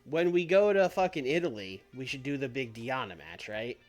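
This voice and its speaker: A man live-streaming a wrestling booking game who talks through every decision in loose, rambling chat. His pitch swings widely, and he curses casually as he goes. Soft music plays faintly behind him. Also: animated, normal speed. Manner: thinks aloud, swears casually, trails off and restarts. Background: faint background music.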